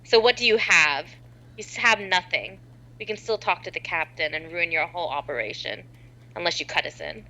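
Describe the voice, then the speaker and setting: A woman voicing a scheming, sharp-tongued wife who talks with scorn. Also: lowish voice, brisk, slight background noise, voice pushed down, rough recording. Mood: scornful. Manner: scornful, bargaining.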